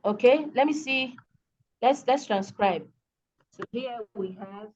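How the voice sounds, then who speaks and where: A woman's voice: a little high, takes it slowly, darkish tone, dull audio. A woman with a Nigerian accent teaching an online English lesson, explaining patiently and often checking that students understand. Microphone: video call.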